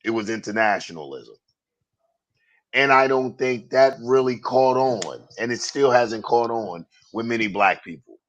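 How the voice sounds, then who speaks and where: A man hosting a relaxed talk session. His voice sits at a middle pitch. He tells stories at length and winds through side remarks, getting animated when he recounts past events. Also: unhurried. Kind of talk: casual political chat.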